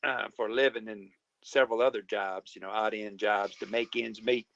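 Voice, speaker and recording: Halting, polite man. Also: on the low side, steady tone, a bit bright, dull audio. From Mobile County, Alabama. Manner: halting, many fillers and restarts, polite. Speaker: guest. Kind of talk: casual conversation.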